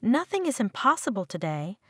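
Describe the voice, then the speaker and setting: A woman's voice: on the high side, fairly quick, slightly rough. Woman reading a frank male doctor. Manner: calm, matter-of-fact. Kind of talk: storybook narration.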